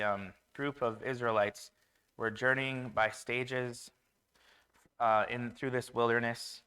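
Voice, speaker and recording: A man's voice: mid-range voice, sharp tone, clean tone. A man preaching a conversational sermon in a church, with fillers and restarts.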